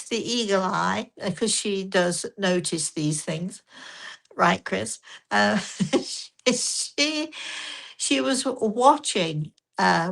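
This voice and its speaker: An older woman, a spiritual medium and host, telling a story in a gentle, rambling way with frequent restarts. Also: medium pitch, creaky. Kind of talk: casual storytelling talk.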